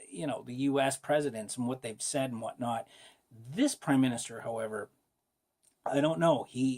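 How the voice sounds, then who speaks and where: A man rants on his own channel about politics, rambling and emphatic, with plenty of fillers and side tangents. His voice sits at an ordinary middle pitch. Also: darkish tone. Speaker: political commentary vlogger. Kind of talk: casual opinion rant.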